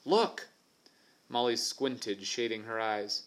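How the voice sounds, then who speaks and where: A man narrating an adventure novel for an audiobook in a steady, even storytelling manner. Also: mid-range voice, normal speed. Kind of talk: scripted narration.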